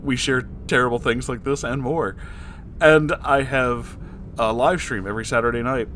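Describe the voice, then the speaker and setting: A man's voice: medium pitch, fairly even intonation, normal speed, fairly bright tone, a little hiss or hum. A man hosting a comic fan fiction reading, swearing and breaking into helpless laughter.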